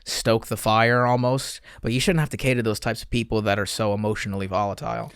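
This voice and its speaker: A man's voice: on the low side, fairly even intonation, quick pace, fairly bright tone, clean tone, no room sound, studio quality. A man on a comedy podcast, chatting casually and swearing freely. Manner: loose, talkative, swears freely.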